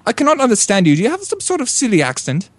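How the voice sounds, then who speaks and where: A man's voice: very high-pitched, wildly swooping pitch, racing, no echo, heavily acted. A man playing a prank caller with a put-on British accent, mocking and theatrical, swearing now and then.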